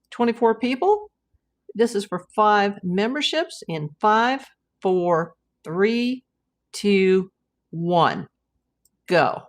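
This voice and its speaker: A woman hosting a casual livestream, chatting with viewers, reading their comments aloud and greeting them by name. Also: mid-range voice. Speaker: livestream host.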